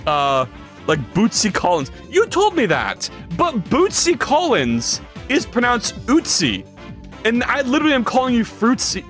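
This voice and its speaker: A man's voice: very high voice, measured pace, soft background music. A man streaming live while coding, chatting casually with viewers and reading their messages aloud. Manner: animated, jokey, reads chat aloud and rambles. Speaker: livestreamer.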